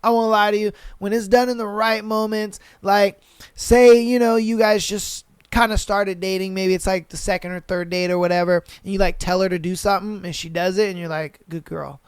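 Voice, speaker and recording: A man hosting a podcast, chatting crudely and repeating himself, his voice hoarse. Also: high-pitched, fairly even intonation, brisk, dry recording. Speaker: podcast host. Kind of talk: casual chat reading listener stories.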